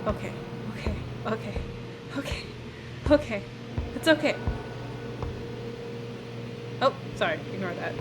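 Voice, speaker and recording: A woman's voice: mid-range voice, animated, unhurried, pauses often. A woman playing a horror game and commenting as she goes, nervous, muttering to herself and laughing from fear. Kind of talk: let's play commentary. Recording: home recording with noticeable background noise. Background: passing traffic noise.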